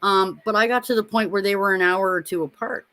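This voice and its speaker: Stream co-host, woman, 50s, blunt and animated storyteller, dry close sound. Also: mid-range voice, fairly quick, dry recording. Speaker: co-host of a live watch party stream. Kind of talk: casual chat.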